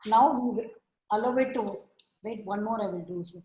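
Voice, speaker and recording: A woman's voice: medium pitch, normal speed, darkish tone. A woman teaching an online art class, giving patient step-by-step instructions over a video call. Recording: echoey room on a video call.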